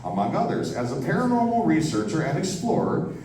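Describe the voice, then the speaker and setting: A man's voice: a little high, sing-song, fairly quick, darkish tone. A man introducing a speaker at a convention, playful and leading the crowd in call-and-response. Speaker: event host introducing a speaker. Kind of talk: lively stage introduction with crowd participation. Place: convention hall with an audience. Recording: echoey hall, heard from a distance, noisy crowd.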